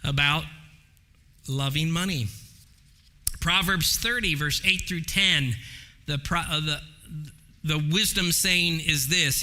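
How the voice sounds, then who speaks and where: A male pastor preaching a sermon to his congregation, emphatic, slowing down dramatically and raising his voice for key points. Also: sits high, animated, pushed and bright. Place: church sanctuary. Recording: long hall reverb in a church.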